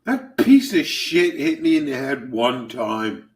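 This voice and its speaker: A man chiming in with slow, blunt, profane remarks. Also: medium pitch, big pitch swings, a little mellow. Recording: echoey room, distant mic.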